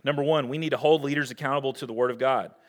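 A man preaching a sermon as pastor, earnest and direct, asking rhetorical questions and moving between loud emphasis and hushed scripture reading. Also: mid-range voice, steady tone, very fast.

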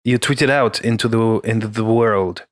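A man's voice: on the low side, normal speed, no room sound, clean studio sound. A man co-hosting a podcast in laid-back, casual chat. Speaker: podcast co-host.

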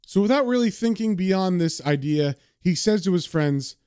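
A man's voice: high-pitched, lively intonation, moderate pace, few pauses, a little mellow, clean tone, no room sound, studio quality. A man casually narrating and recapping a comic book story, with a chatty manner full of fillers.

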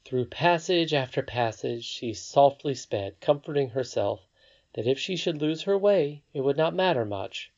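A narrator reading a fairy tale aloud with a measured, expressive delivery. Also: medium pitch. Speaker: audiobook narrator. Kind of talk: storybook narration. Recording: slightly dull lo-fi recording.

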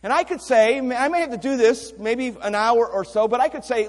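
A man's voice: extremely high pitch, normal speed, hardly any pauses. A man preaching a missions sermon, emphatic, asking rhetorical questions and repeating words as he goes. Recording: long hall reverb.

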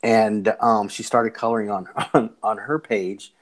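A man's voice: on the low side, fairly even intonation, unhurried. An older man hosting a podcast, chatting casually, rambling with repeated words and easy laughter. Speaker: podcast host. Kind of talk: casual interview chat.

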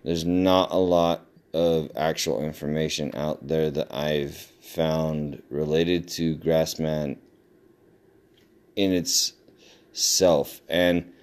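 A man's voice: low-pitched, a little mellow, smooth. A middle-aged man hosting a podcast, telling a home story in a loose, rambling way with fillers and laughs. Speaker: podcast host. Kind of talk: casual storytelling monologue.

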